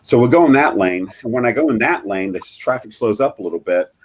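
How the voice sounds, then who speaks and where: A middle-aged man telling a personal story as a guest in a live interview, halting and earnest, with many fillers and restarts. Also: on the low side, animated. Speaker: guest, bereaved father.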